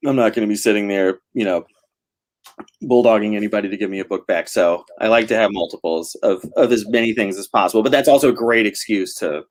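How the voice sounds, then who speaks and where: A man's voice: lowish voice, fast. A man, a novelist chatting over a video call, rambling and laughing often between fillers. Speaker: novelist guest. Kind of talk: casual video-call chat.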